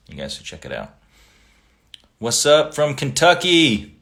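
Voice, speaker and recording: A man hosting a casual livestream, reading viewer comments aloud and chatting back in a relaxed, friendly way. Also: a little high, measured pace. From Italian family background.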